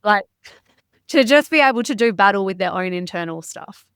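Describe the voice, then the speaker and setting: A woman's voice: medium pitch, animated, normal speed, fairly bright tone, clear, resonant tone, no echo. A woman, a podcast guest talking openly and emotionally, close to tears, with some frank swearing. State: near tears. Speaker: podcast guest, mindset educator. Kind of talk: candid interview conversation.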